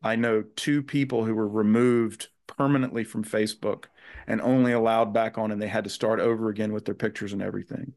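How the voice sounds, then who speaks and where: A man's voice: on the low side, fairly even intonation, a little fast, a little mellow. A man as a guest author in a conversational podcast interview, speaking in an earnest, thoughtful way with frequent restarts.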